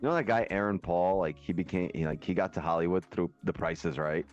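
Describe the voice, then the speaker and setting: A man's voice: sits low, fast. A man hosting a casual chat, laid-back and joking, swearing casually. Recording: lo-fi stream audio with faint music.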